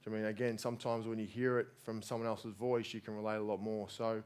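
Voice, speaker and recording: A man hosting a live community event and interviewing a guest on stage, speaking in loose, relaxed phrasing. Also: lowish voice, fast talker, smooth.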